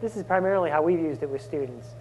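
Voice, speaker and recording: A man presenting a live conference workshop, energetic and often asking the audience questions. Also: on the high side, fast talker, a little hiss or hum. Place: conference room.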